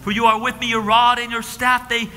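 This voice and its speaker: A man preaching a sermon, swinging between hushed whispers and shouted declarations, recorded live in a church. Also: very high voice, little pitch movement, a little fast, faint music behind. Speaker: pastor. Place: church sanctuary. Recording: live church stream with long hall reverb.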